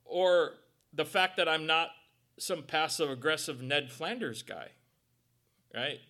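A man's voice: fairly high pitch, slow, pushed and bright. A man preaching a conversational sermon as pastor, joking and acting out quotes and little sounds as he goes.

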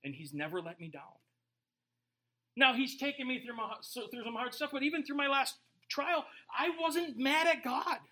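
High, lively male pastor preaching. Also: moderate pace. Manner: animated, joking, conversational preaching. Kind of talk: sermon.

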